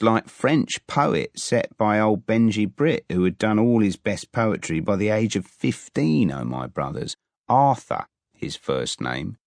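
A man narrating an audiobook in the first person, wry and expressive. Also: fairly low pitch, creaky, no echo, clean studio sound.

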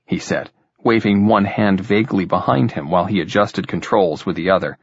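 Male audiobook narrator, low husky voice, measured delivery, dull lo-fi sound. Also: no room sound. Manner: measured, even storytelling. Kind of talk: scripted narration. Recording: dull, dry lo-fi recording.

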